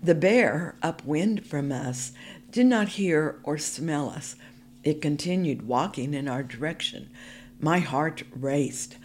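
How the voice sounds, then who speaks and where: A woman reading a storybook aloud for a podcast, narrating in the first person in a calm, measured way. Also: deep voice, slight background noise.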